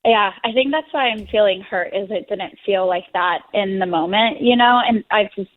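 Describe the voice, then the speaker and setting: A woman's voice: medium pitch, normal speed. Hesitant woman caller on a phone line. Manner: hesitant, soft-spoken. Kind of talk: phone call-in chat.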